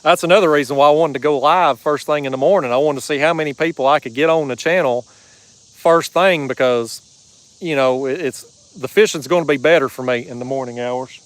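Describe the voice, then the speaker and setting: A man's voice: on the high side, a little fast, no room sound, low-quality recording. A man hosting a fishing livestream from a kayak, chatting casually and reading out viewer comments in a folksy drawl. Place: kayak on a river outdoors.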